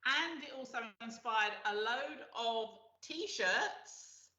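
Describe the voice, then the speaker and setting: A woman's voice: a little high, expressive, takes it slowly, bright, forceful tone. A middle-aged woman hosting a show, chatting casually and laughing often, with lots of fillers. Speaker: radio show host. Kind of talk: casual chat. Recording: echoey, dull lo-fi sound.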